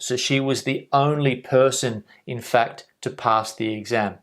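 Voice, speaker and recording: A man's voice: medium pitch, normal speed, hardly any pauses. A man teaching an English vocabulary lesson, patiently repeating example sentences and checking in with "okay?". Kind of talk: video lesson explaining vocabulary.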